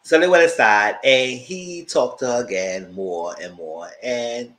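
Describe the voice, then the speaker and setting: A man giving a casual, animated recap of a reality show, acting out quotes in a squealing high voice and breaking into loud laughs. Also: unhurried, poor audio. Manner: loud laughs and shouted asides. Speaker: TV show reviewer.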